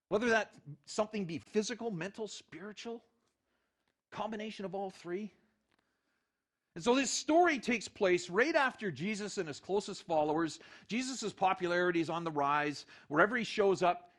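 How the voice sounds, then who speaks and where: A middle-aged male pastor preaching a sermon, telling the story in an animated way and acting out the quotes. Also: high-pitched.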